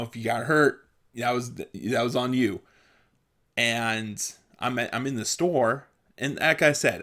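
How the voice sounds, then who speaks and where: A young man rambling through childhood stories in a casual vlog, often laughing and jumping loud and high when he acts out what people said. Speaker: vlogger. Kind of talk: casual storytelling monologue.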